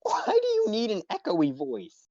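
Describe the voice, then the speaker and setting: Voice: mid-range voice, wildly swooping pitch, a little slow, dark tone, no room sound, muffled recording. A performer voicing a naive young man who lived underground, talking in an indignant, innocent way. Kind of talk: role-play stream.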